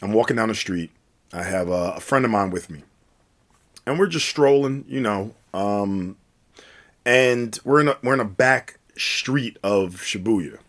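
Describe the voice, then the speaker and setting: A man's voice: fairly low pitch, a little slow, fairly bright tone. Laid-back man telling a story. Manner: rambling, many fillers and restarts. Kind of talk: casual spoken anecdote.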